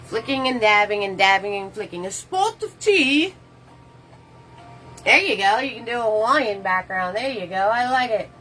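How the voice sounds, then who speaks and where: A woman's voice: mid-range voice, brisk, few pauses, bright, forceful tone, soft background music, low-quality recording. Chatty woman teaching a painting class. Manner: chatty, answers viewer comments while painting; casual, loose step-by-step instructions. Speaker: painting instructor. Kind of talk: live painting tutorial.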